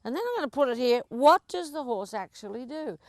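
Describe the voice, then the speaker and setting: A woman instructor coaching a live riding lesson, chatty and encouraging, often breaking into laughs. Her voice sits a little high, and the sound is close and dry. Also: lively intonation, fairly quick, no room sound.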